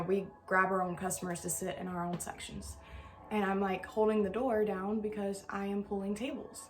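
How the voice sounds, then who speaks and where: Young gal rambling thru a story, lots of um and like, some soft music behind her. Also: medium pitch. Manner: chatty, animated storytelling with many fillers. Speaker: vlogger. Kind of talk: casual storytelling Q&A.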